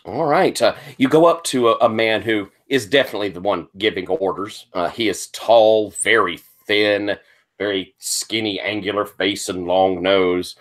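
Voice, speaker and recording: A man's voice: lowish voice, normal speed. Laid-back male game master. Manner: easygoing, rambling with fillers. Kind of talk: narrating a tabletop game.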